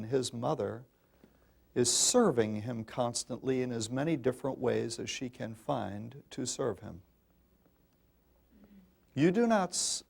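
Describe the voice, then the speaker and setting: An older man with a medium-pitched, gravelly and slightly mellow voice gives an emphatic public talk on parenting. He addresses the audience as folks, insistent yet folksy.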